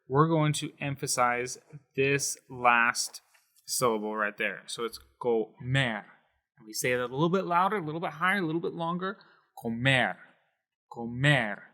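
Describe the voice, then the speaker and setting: A man's voice: mid-range voice, bright, forceful tone. A man teaching a Spanish lesson on video, explaining with emphasis and sounding out words syllable by syllable.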